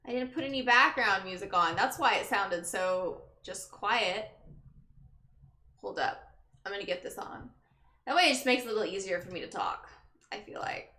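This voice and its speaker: A young Texan woman streams live from her bedroom, chatting casually and greeting viewers by name while sounding exhausted. Her mid-range voice is sharp at a normal speed, and the room echoes with background music.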